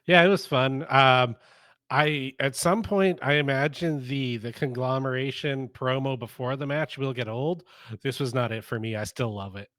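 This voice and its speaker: A man's voice: mid-range voice, moderate pace, a bit bright, no room sound. An easygoing man chatting about wrestling and laughing along with his co-hosts. The recording is dry, with no room sound. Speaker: podcast co-host. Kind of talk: casual wrestling chat.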